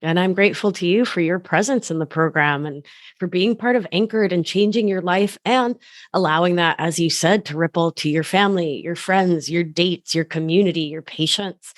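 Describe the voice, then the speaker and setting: A woman hosting a podcast interview, affirming her guest with soft murmurs and heartfelt thanks. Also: on the low side, normal speed, no room sound, studio quality. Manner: affirming, many soft hums. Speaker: podcast host and life coach. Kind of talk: warm interview conversation.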